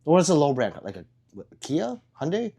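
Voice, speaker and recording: A man hosting a casual livestream and answering viewer comments in a blunt, profane and excitable way, with sudden loud outbursts. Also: on the high side, a little fast, husky. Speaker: livestream host.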